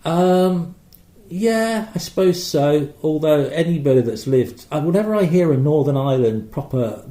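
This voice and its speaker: A man co-hosting a podcast in casual chat, rambling and halting with many fillers. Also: on the high side, expressive, warm tone. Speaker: podcast co-host. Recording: echoey room.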